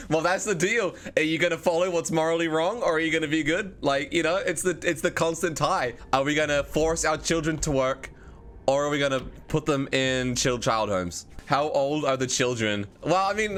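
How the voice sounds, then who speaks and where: A man's voice: on the high side, moderate pace, a bit bright. A man giving playful, joking commentary on a video game as a streamer. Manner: playful, joking, laughs often.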